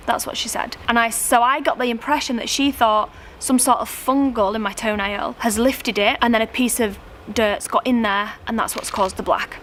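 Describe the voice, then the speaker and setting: A woman's voice: fairly high pitch, steady tone, normal speed, a bit bright, a little hiss or hum. Flustered woman vlogging at a roadside. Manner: rambling, flustered, stumbling over words. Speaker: family vlogger. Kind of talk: casual vlog chat to camera. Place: outdoors at a roadside.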